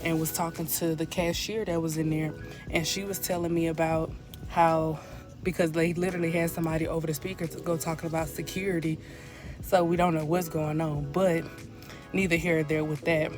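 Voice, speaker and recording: A woman vlogging from her parked car in a loose, rambling way, with a habit of repeating "like I said.". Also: low-pitched. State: out of breath. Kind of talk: casual talk to camera.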